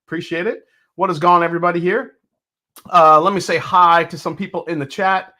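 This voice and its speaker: Bright-voiced chatty man hosting a stream. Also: sits high, steady tone, brisk. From New York. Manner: chatty, greets viewers by name. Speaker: host. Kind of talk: live stream chat.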